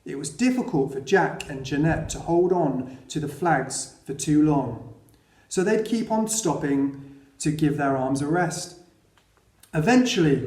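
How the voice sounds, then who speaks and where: High-voiced man reading a storybook. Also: roomy sound. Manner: steady storytelling narration. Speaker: audiobook reader. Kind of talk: reading a children's novel aloud.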